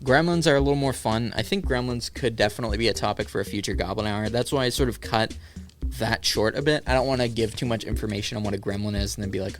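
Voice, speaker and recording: A man's voice: mid-range voice, fast, faint music behind. A man hosting a solo podcast in casual chat, riffing sarcastically and swearing freely. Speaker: podcast host.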